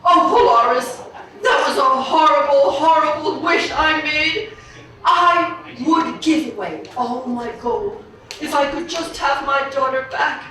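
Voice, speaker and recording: A woman's voice: measured pace, sharp tone. A woman playing a greedy, wonderstruck king who exclaims theatrically, performed live for children. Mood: remorseful. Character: greedy, giddy king, middle-aged man. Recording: booming echo, mic far off.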